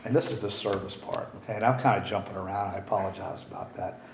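A man's voice: on the low side, steady tone, fast talker. A middle-aged man speaking at a recovery meeting, candid and rambling, swearing casually. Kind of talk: recovery share talk. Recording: roomy, dull, faint hiss.

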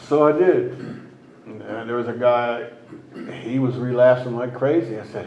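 A man sharing his personal recovery story at a meeting, rambling and halting, with many restarts and fillers. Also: mid-range voice, a little mellow, roomy sound, lo-fi sound, slight background noise. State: emotional at times. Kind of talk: personal testimony.

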